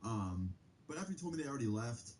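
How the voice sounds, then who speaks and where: A man's voice: mid-range voice, very animated, fast talker, a little mellow, a little hiss or hum, poor audio. A young man casually telling a personal story on a live stream, full of slang and filler words. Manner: casual, slangy, lots of "like" and "bro".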